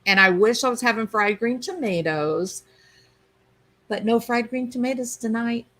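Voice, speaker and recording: A woman's voice: a little high, moderate pace, fairly bright tone, low-quality recording. A woman hosting a livestream, chatting casually and reading viewer comments aloud. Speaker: livestream host reading chat. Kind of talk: casual chat.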